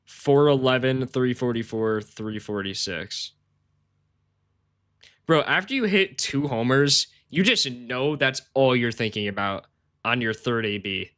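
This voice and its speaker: A mid-range, fairly bright male voice, a little slow, carries this live stream of sports betting research. He chats with viewers in a rambling, slang-heavy way, keeps saying "bro," laughs often, and mocks himself.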